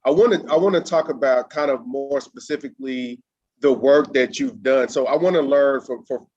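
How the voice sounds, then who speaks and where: A man's voice: mid-range voice, highs cut off. A man hosting an interview, enthusiastic and encouraging toward his guest. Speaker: interview host. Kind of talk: conversational interview.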